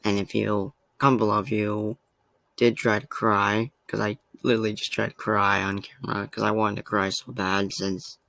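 A man's voice: fairly low pitch, level tone, moderate pace, vocal fry, fairly bright tone, dry recording. A man hosting a reaction vlog, talking casually to the camera in a rambling, emotional way and laughing at himself often. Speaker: reaction channel host. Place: home room.

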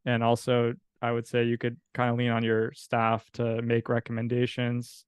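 A man's voice: medium pitch, monotone, normal speed, clean tone, no room sound, studio quality. A man from California, a coffee business owner, talking casually as a podcast guest, rambling with fillers and restarts.

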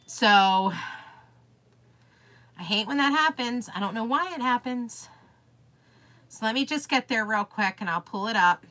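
Bubbly high-voiced woman streaming live. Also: animated, a little slow, long pauses, bright, forceful tone. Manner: bubbly, gushing and easily sidetracked. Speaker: craft product seller hosting a live stream. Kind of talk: chatty live-stream demo, reading viewer comments aloud.

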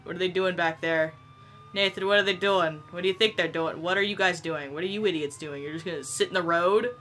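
A young woman giving casual, excitable gameplay commentary, swearing and laughing often. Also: lowish voice, a little fast. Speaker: gameplay video creator.

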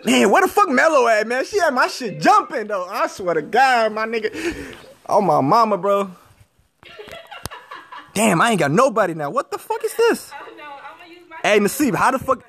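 A man's voice: high-pitched, animated, normal speed, creaky, fairly bright tone, slight background noise. A young man from Minnesota chatting on a phone livestream, slangy and swearing, rambling and repeating himself. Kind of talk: casual livestream chat with viewers. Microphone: phone camera. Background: faint TV audio.

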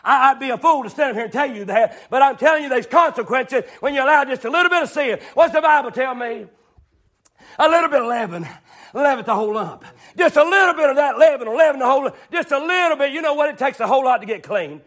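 Middle-aged man, very high voice, fiery shouting preacher with repeated folksy refrains. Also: animated, quick pace. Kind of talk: fiery sermon.

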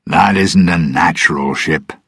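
A man's voice: low-pitched, measured pace, gravelly, a bit bright, slightly rough, no room sound, studio quality, heavily acted. A man voicing a worried older male ship's mate who calls orders urgently, in a storybook reading.

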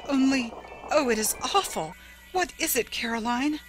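A woman's voice: high-pitched, animated, moderate pace, soft background music, pitched above the performer's own voice. A woman voicing a frightened sister who stammers in horror.

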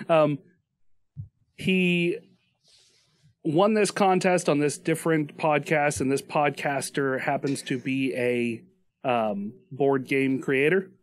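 A man's voice: a little high, fairly even intonation, takes it slowly, no room sound, clean studio sound. A man co-hosting a podcast in casual chat, joking and rambling with restarts and laughs. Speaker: podcast co-host.

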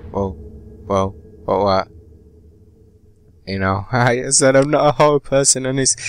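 A man's voice: medium pitch, a little slow, a little hiss or hum. A man commenting casually on a horror game, nervous and muttering, swearing when startled, his voice strained. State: sweating, voice strained. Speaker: gaming commentator.

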